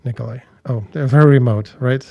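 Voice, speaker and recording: A man discussing war news in a measured, analytical way, speaking bluntly. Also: medium pitch, gravelly, lo-fi sound.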